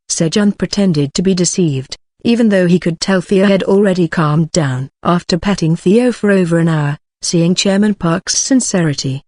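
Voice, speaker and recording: Low-pitched woman narrating an audiobook. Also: moderate pace, hardly any pauses, a little mellow, dry recording, clean studio sound. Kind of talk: scripted narration.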